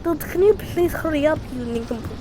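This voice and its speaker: A woman's voice: high voice, animated, fairly quick, very noisy. A woman giving playful let's-play commentary, singing to herself and bursting into shrieks. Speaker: gamer.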